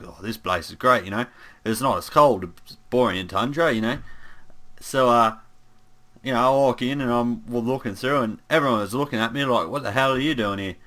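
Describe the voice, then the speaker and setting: A man's voice: medium pitch, pushed and bright, lightly acted. A man voicing a bumbling, easygoing young human paladin in an in-character monologue, rambling with lots of fillers and asides.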